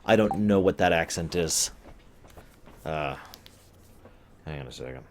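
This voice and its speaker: A man's voice: extremely low pitch, expressive, a little slow, music in the background. A man streaming a game, giving casual commentary with dry, wry asides. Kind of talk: casual let's-play commentary.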